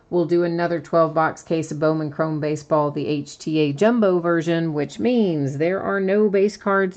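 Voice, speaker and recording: A woman with a notably low voice runs a live card-break stream. She talks in a chatty, easygoing way, listing cards and dates one after another. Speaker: sports card break host. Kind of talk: live stream product recap.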